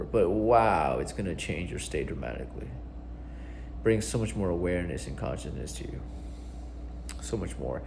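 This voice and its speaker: A man's voice: fairly low pitch, creaky, a little mellow, slight background noise. Earnest swearing man giving coaching advice. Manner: earnest, swears casually, repeats for emphasis. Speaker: self-help coach. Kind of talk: casual advice vlog.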